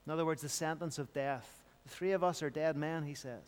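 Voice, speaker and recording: A man's voice: on the high side, brisk, smooth, big-room sound. A man preaching an evening sermon in an earnest, repetitive style, building emphasis as he goes.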